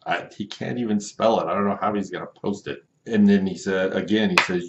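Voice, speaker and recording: A man's voice: low voice, steady tone, brisk, few pauses. A man hosting a casual vlog, telling a story with amusement and reading messages aloud. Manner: amused, breaks into laughter often. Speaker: channel host. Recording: roomy, dull lo-fi sound.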